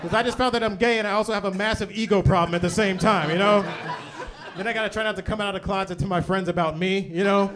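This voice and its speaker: A man performing an animated stand-up comedy set on a club stage, often tagging jokes with "right?". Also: high voice, fast, crowd noise. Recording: noisy live club recording. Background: audience laughter.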